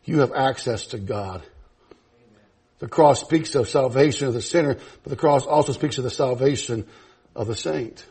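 A pastor preaching a sermon to his church, moving from low, quiet passages to loud, high, laughing emphasis. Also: moderate pace, husky.

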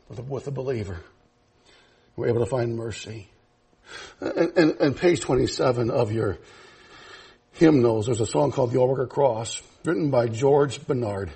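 Preaching to his congregation in a husky voice, a pastor swings from soft, low passages to loud, high bursts of laughing emphasis.

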